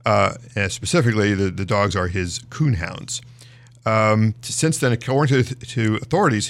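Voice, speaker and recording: A man's voice: mid-range voice, vocal fry. A man hosting a news show, reading stories aloud in a casual, conversational way with frequent fillers and restarts.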